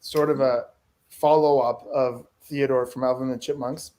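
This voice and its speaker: A man's voice: medium pitch, fairly even intonation, normal speed, mellow. A man on a video call hosting a party game, joking and urging the others on. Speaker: game host. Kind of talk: casual streamed chat.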